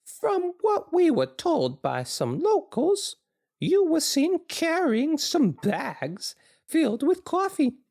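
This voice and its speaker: A man putting on a high, pushy pony reporter. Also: wildly swooping pitch, creaky, a little mellow, heavily acted. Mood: accusing. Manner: slow, drawn-out accusing questions.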